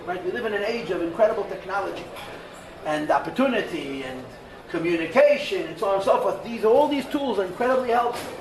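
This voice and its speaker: A man teaching a Torah class, animated and mixing in Hebrew and terms. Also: high-pitched, noisy background. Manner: animated, mixes Hebrew and Yiddish terms, acts out voices in asides. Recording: roomy hall, voice from far off the mic.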